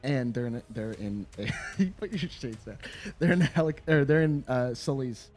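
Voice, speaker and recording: A man's voice: medium pitch, expressive, moderate pace, darkish tone, soft background music. A man co-hosting a video game review, talking in a loose, rambling way with laughs and casual swearing. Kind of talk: casual chat.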